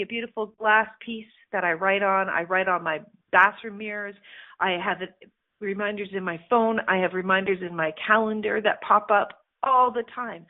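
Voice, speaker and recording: A woman hosting a motivational radio show as a life coach, blunt and animated, swearing and laughing as she talks. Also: medium pitch. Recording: phone-like narrow band audio.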